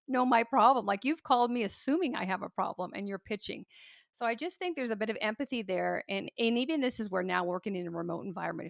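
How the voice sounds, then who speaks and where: A woman hosting a casual interview on a video call, thinking aloud with quick restarts. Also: medium pitch, creaky, fairly bright tone, no room sound, studio quality. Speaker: podcast host.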